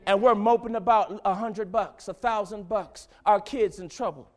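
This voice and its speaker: Male preacher, high voice, fervent delivery that moves from hushed to loud. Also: normal speed. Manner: dramatic swings from hushed to loud, preaching with fervor. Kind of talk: sermon.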